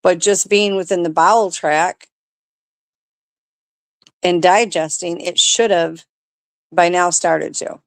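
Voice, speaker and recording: A woman's voice: on the low side, steady tone, takes it slowly, gravelly, long pauses, no echo. A woman talking on a radio show, explaining things in a confident, conversational way.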